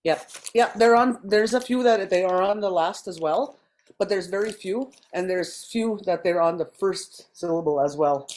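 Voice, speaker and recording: A woman teaching a language class over a video call, explaining step by step with frequent pauses and ums. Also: mid-range voice, a little mellow.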